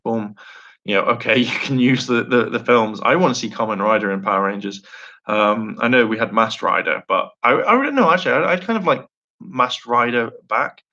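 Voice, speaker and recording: Young man, casual live-stream chat, rambling, bright forward voice, dull lo-fi audio. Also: mid-range voice. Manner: rambling, enthusiastic, laughs often, acts out quotes.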